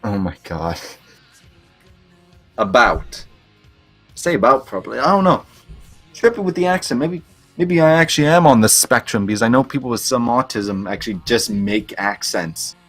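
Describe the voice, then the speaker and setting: Over quiet background music, this livestream co-host, a young Canadian with a touch of Boston-style East Coast accent, keeps up a crude, rambling chat full of laughter. His mid-range voice moves at a moderate pace with lively intonation.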